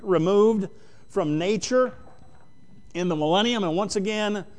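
Male preacher, slightly high, smooth and resonant, halting plain-spoken sermon delivery. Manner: plain-spoken, reads scripture aloud, many pauses and fillers. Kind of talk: sermon, Bible exposition.

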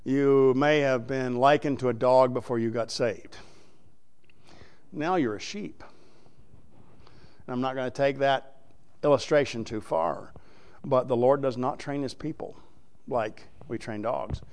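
A middle-aged man preaching a folksy, emphatic sermon to his congregation, sometimes rising into loud, high exhortation. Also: measured pace, pauses often, smooth.

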